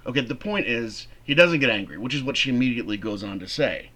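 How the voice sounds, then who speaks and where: A man teaching a theater class, explaining a play in an animated, conversational way. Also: medium pitch, quick pace, few pauses. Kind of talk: classroom lecture.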